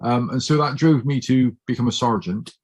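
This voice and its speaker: A middle-aged man with a Bristol accent speaks as a guest in a casual storytelling chat, his medium-pitched voice carrying a breathy edge at normal speed. He's open, warm-hearted and chatty, sharing personal anecdotes.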